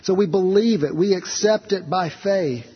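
A man's voice: sits high, normal speed. A man preaching a sermon in a church in an earnest, repetitive cadence, acting out short prayers. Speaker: pastor. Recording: husky voice, long hall reverb, dull lo-fi sound.

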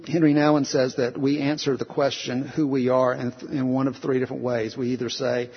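A man's voice: mid-range voice, little pitch movement, a little fast, few pauses, husky. A male pastor preaching a conversational sermon, earnest, repeating phrases and restarting sentences, with many rhetorical questions. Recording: dull lo-fi sound with long hall reverb.

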